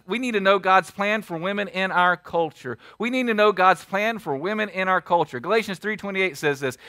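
A man preaching a sermon as pastor, emphatic and full of rhetorical questions, swinging between loud and hushed. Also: a little high, no room sound, studio quality. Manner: asks the congregation many rhetorical questions. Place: church sanctuary.

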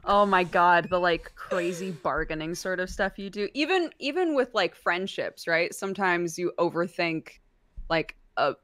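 A woman's voice: fairly low pitch, lively intonation, normal speed, a bit bright, no room sound. A woman co-hosting a podcast, chatting casually about a manga, laughing often. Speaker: podcast co-host. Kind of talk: casual book club chat.

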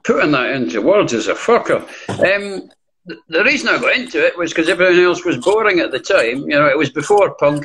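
A man's voice: fairly high pitch, lively intonation, brisk, fairly bright tone, a little hiss or hum, poor audio. An older Scottish man, a DJ guest in a casual interview, talking bluntly and swearing freely. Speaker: guest, DJ and record collector.

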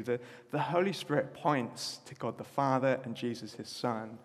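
Chatty preacher in echoing church. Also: male voice, medium pitch, moderate pace. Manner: chatty, self-deprecating asides. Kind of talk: sermon. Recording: echoey church hall.

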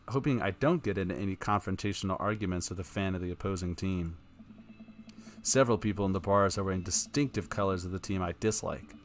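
A man's voice: low voice, a little hiss or hum. A man streaming live, reading a text adventure aloud in a casual tone with wry asides.

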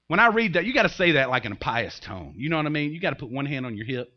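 A man preaching a sermon as pastor, in a lively, conversational way with humor and acted-out asides, recorded in a church. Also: a little high, very fast, hardly any pauses, dull audio.

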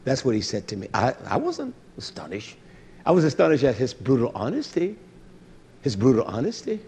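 A man's voice: medium pitch, huge pitch swings, brisk, slight background noise. A man preaching a sermon, telling stories with emphatic repetition and blunt swearing. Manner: emphatic preaching, repeats phrases for stress; swears for emphasis and grows louder. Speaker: pastor.

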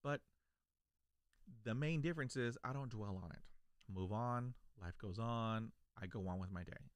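A man's voice: on the low side, normal speed, dry recording. A man from South Texas who stutters, telling his own story to camera in an earnest, reflective way. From South Texas, USA. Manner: stutters, with repeated words and broken starts. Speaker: video creator.

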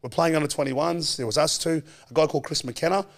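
An Australian man in his forties, a former footballer, telling animated stories as a podcast guest and acting out quoted voices. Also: a little high, fast talker. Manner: animated storyteller, acts out quoted voices, laughs often. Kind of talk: casual storytelling chat.

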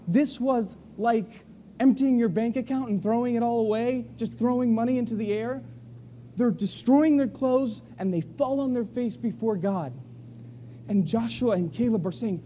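Animated male pastor, high dark voice. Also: moderate pace, slight background noise. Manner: animated storytelling, acting out voices of the crowd. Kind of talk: sermon. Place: church sanctuary. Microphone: live stream.

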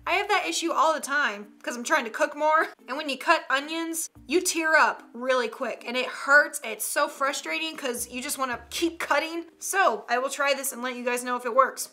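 A young woman with a high, bright voice chats through a meme reaction vlog. She is giggly and playfully sassy, talking straight to her viewers. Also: moderate pace. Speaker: YouTube host.

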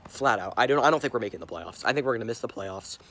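A man's voice: mid-range voice, expressive, fast, a bit bright. A young man, a sports fan vlogger, ranting angrily to a handheld camera, repeating himself and stumbling over his words. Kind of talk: angry fan rant to camera.

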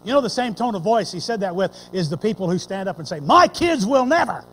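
A man preaching a folksy, animated sermon that swings between loud declaring and hushed storytelling. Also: high-pitched, fast talker, a little hiss or hum, rough recording. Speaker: pastor.

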